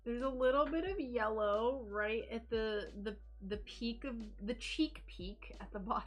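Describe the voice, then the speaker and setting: An American woman with a fairly high voice chats on a relaxed craft livestream, laughing at her own jokes as she works. She talks slowly and without hurry, and faint music plays behind her. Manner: giggly, chatty, laughs at herself often. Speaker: stained glass livestreamer. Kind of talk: casual craft livestream chat.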